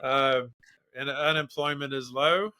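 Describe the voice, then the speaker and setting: A man's voice: medium pitch, steady tone, measured pace, pushed and bright, smooth. A man co-hosting a political podcast who keeps cutting in on his partner and laughs off his arguments. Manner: interjecting, laughs at his opponent. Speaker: podcast co-host. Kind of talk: heated political debate.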